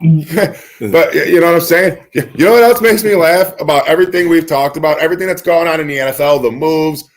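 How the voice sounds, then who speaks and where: A man's voice: fairly high pitch, fairly quick. A man co-hosting a sports radio show, talking bluntly and profanely and ranting hard about players. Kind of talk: casual sports radio talk.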